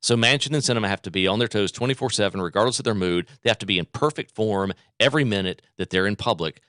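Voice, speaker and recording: A man's voice: fairly low pitch, fast, a bit bright, dry recording, clean studio sound. A man hosting a political talk radio show, emphatic and repeating phrases for effect.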